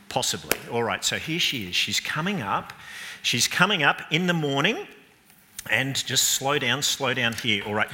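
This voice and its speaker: A man's voice: medium pitch, bright, forceful tone. A man giving an all-age Easter sermon, playfully coaching volunteers through a re-enactment with running stage directions. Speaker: pastor. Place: church. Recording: reverberant church hall.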